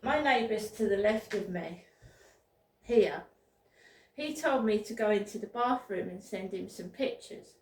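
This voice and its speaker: A woman with a medium-pitched, expressive, slightly mellow voice talks a little slowly as she rambles through a personal story in a casual home vlog, often repeating words and restarting sentences. It plays like a spoken diary, and the recording sounds roomy and distant.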